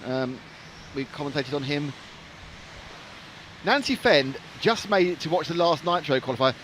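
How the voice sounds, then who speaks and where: Chatty man, lively pitch. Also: normal speed, a little hiss or hum. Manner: chatty, jokey, rambling. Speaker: commentator. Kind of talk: casual live-stream commentary chat.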